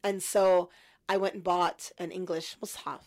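A woman in her fifties, a guest in an interview, telling a personal story in a lively way and acting out her younger self. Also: fairly low pitch, a little slow. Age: 50s. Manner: animated storyteller, acts out her past self.

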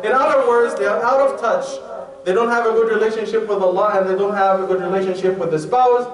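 High-voiced preacher in a roomy hall. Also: male voice, fairly even intonation, distant mic. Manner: reads Arabic text rapidly then explains in English. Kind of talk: sermon on marriage.

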